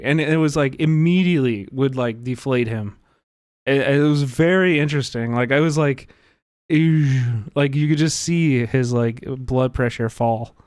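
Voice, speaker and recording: A man's voice: medium pitch, a little slow, a little mellow, dry recording, studio quality. A man hosting a livestream, talking casually and earnestly, rambling with many fillers. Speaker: livestream host.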